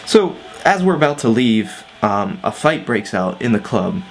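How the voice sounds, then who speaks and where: Vlogger, male, lowish voice, laid-back storyteller who swears and says "like" a lot, faint music behind. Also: sing-song, normal speed. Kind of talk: casual storytime vlog.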